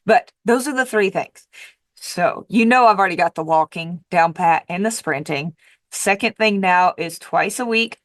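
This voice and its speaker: A woman coach talks straight to the camera in a casual monologue. She is emphatic, repeats herself for effect, and drops in the odd swear word. Her pitch is middling, and the recording is dry and close. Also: a bit bright, no room sound. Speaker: diet coach and vlogger.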